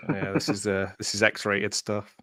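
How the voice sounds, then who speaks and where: A man's voice: lowish voice, completely flat delivery, measured pace, bright, forceful tone, no echo, studio quality. A man co-hosting a movie commentary stream, chatting casually and laughing often. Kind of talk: casual chat.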